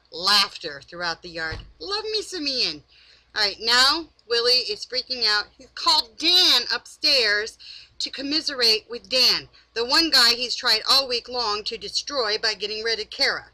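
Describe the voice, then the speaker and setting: A woman's voice: a little high, animated, unhurried, pushed and bright, low-quality recording. A woman doing a casual late-night recap from home, tired, chatty and exasperated. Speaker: recap vlogger. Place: home, in pajamas.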